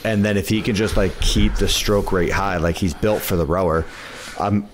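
Low-voiced easygoing man. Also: steady tone, moderate pace, a little hiss or hum. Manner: easygoing, loose with "like" fillers. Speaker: podcast guest. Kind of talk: casual chat.

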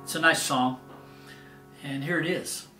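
Laid-back guy host, talks real slow, kinda high voice, echoey room. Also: over loud music. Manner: slow, relaxed, folksy talk with fillers. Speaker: host of a daily song show. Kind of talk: casual chat introducing a song.

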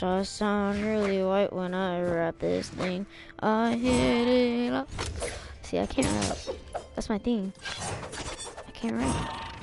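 A woman streaming a video game at home, talking casually and excitably, trash-talking her opponent with frequent loud outbursts. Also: medium pitch, gravelly. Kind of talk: casual live-stream commentary while gaming. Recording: background music over voice. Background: music playing.

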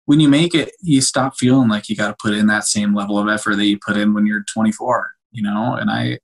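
A young man, a cinematographer, chatting casually on a podcast in an animated, emotional way with many restarts. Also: on the low side, a little fast, vocal fry. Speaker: cinematographer guest.

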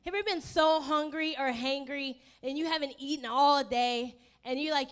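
High-voiced woman pastor, playful. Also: a little fast, few pauses, fairly bright tone. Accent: African-American English. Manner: playful, chatty with the congregation, acts out inner voices. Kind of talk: casual, humorous sermon. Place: church sanctuary.

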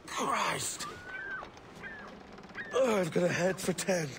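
A groggy pirate captain. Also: male voice, high-pitched, lively intonation, slow pace, fairly bright tone, slight background noise, heavily acted. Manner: rough, weary and wry. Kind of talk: game cutscene acting.

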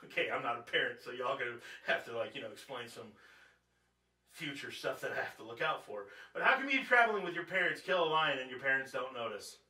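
A man's voice: mid-range voice, animated, fast talker, bright, forceful tone. A man preaching at a Bible study in a conversational, joking way, asking his audience questions as he goes. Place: church. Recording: echoey room, distant mic.

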